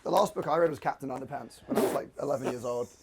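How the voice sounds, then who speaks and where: A man's voice: mid-range voice, racing, gravelly, very noisy. Playful British guy, laughing a lot. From United Kingdom. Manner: playful, laughs often, teasing. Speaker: podcast co-host. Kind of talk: casual chat.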